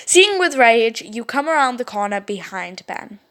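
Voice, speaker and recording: High-voiced woman reading a story game. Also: normal speed, clear, resonant tone. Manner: expressive, reacts with laughs and exclamations. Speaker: gaming YouTuber.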